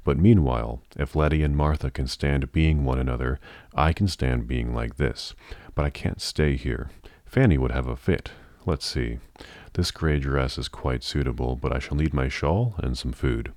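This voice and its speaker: A man's voice: extremely low pitch, normal speed, darkish tone, dry recording, clean studio sound. A man reading the lines of a plain-spoken young hatter woman in a storybook, in a blunt, matter-of-fact way. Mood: calm, practical.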